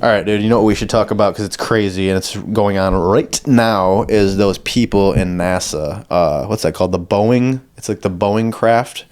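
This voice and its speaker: Man, low voice, casual podcast chat, loose and profane storytelling. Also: normal speed, few pauses, darkish tone, smooth. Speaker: podcast host.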